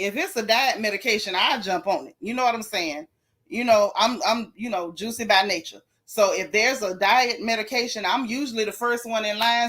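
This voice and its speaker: Chatty woman streamer with a bright voice. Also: a little high. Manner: chatty and candid, with Southern slang, reading viewer comments. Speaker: live-stream host recapping a reality show. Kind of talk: casual live-stream chat.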